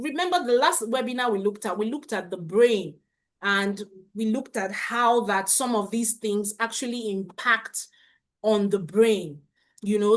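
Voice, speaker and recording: In a live webinar on parenting, a middle-aged woman who works as a parenting coach speaks unhurriedly in a voice that sits slightly high. She goes back over what she's said and regularly asks viewers to confirm things in the chat.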